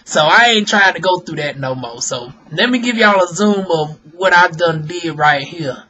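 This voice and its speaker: Sassy high-voiced man chatting to camera. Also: normal speed, lo-fi sound. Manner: sassy, expressive, talks straight to viewers with "honey" and "y'all". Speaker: vlogger and aesthetician. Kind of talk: casual chatty vlog.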